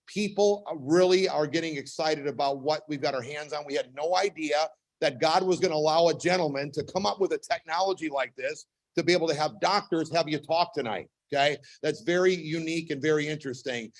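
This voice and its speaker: A man's voice: a little high, rough recording. A man emceeing a business event, rallying the crowd with rhetorical questions before he introduces the speakers. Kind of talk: hype introduction.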